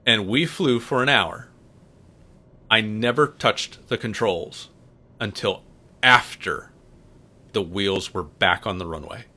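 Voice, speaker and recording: A man's voice: on the low side, slow, pauses often, sharp tone. A man hosting a casual livestream, chatting and telling stories with a joking manner while he flies. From United States. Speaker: livestream host and pilot.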